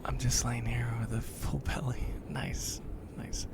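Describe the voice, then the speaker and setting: A man hosting a whispered ASMR live chat, talking softly with his viewers. He is a bit congested. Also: medium pitch, level tone, measured pace, creaky. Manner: soft whispering, chatting with viewers. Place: lying down.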